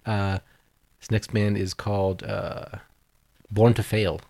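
Gravelly low-voiced man in casual chat. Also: little pitch movement, slow pace, darkish tone. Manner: loose, swearing, laughs often. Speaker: podcast co-host presenting songs.

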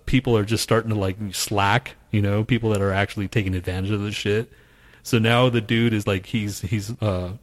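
A man co-hosting a podcast, chatting casually and swearing a lot while telling a story and acting out quotes. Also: fairly low pitch. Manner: swears constantly, acts out quotes with laughs. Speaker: podcast co-host. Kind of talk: casual profane chat.

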